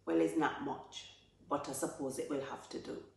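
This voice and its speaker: A woman voicing a starving woman who begs in a high, slow voice. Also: fairly even intonation, gravelly, darkish tone, recorded from a distance. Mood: pleading. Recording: very echoey room.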